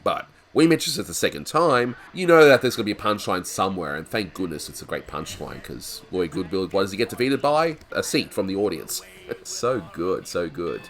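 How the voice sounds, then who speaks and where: A man's voice: low-pitched, very animated, brisk, a bit bright. A man hosting a cartoon review, chatting casually and laughing often as he talks. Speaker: host of a cartoon review show.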